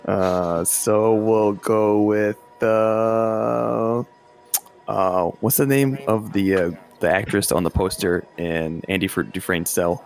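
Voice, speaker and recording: A man playing a tabletop game, describing his character's actions in a halting, hesitant way with many fillers. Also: lowish voice, fairly even intonation, vocal fry. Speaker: player.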